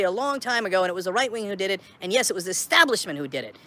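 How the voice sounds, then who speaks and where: Man, impassioned commentary, fast, lively pitch swings. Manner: emphatic, building intensity. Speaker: political commentary host. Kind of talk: impassioned political rant.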